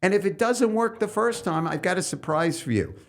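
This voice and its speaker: A middle-aged man from New York City, a stand-up comedian and coach, talking loosely as a podcast guest and breaking into loud comic bits mid-thought. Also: sits high, expressive, brisk. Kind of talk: loose conversational interview talk.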